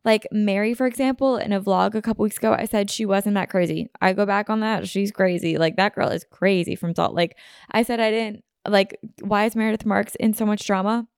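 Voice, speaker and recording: A woman's voice: medium pitch, fairly even intonation, fairly quick, darkish tone, smooth, no echo, clean studio sound. A young adult woman vlogger talking casually about reality TV, chatty and emphatic, with lots of "like" fillers. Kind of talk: casual opinion chat.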